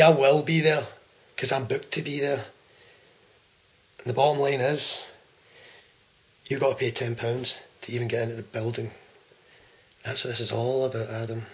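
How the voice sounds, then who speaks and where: A Scottish man in his twenties cutting a profane, taunting wrestling promo that swings between loud jabs and hushed menace. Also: mid-range voice, measured pace, pauses often. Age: 20s. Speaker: pro wrestler. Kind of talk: trash-talk wrestling promo.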